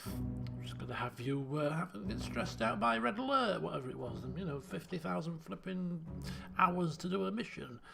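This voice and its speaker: Chatty man streaming a game, gravelly and high. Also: expressive, normal speed, over music. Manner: chatty, thinks aloud while puzzling. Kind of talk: casual live-stream commentary.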